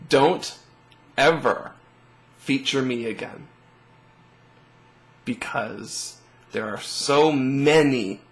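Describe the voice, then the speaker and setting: A young man earnestly telling a personal story to camera, emotional and often trailing off softly. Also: medium pitch, gravelly, low-quality recording. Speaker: vlogger.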